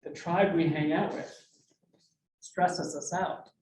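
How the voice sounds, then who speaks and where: A man's voice: fairly high pitch, steady tone, takes it slowly. A man giving a motivational talk to a business group in a meeting room, jokey and full of questions to the audience. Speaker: speaker. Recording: roomy, mic from a distance, faint hum.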